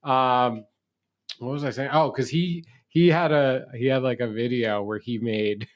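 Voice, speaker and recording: A man's voice: mid-range voice, steady tone, normal speed, highs cut off. Chatty podcast guy full of "like". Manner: chatty, swears, many "like" fillers. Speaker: podcast co-host. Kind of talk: casual chat.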